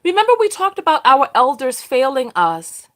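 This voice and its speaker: High-voiced woman hosting a lively chat. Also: normal speed. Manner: animated, repeats phrases for emphasis; acts out quoted people. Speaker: host. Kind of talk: casual live discussion.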